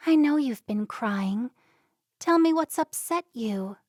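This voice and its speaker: A gentle, caring young woman from a storybook, as a female narrator plays her. She speaks in a reassuring way, and the voice sounds close and dry. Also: a little high, expressive, slow pace, dry recording, pitched above the performer's own voice.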